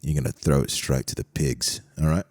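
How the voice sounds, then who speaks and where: A man's voice: rumbling low, steady tone, fairly quick, darkish tone, slightly rough, pitched below the performer's own voice. A man voicing a bossy male London gangster boss, barking tough-guy orders over and over.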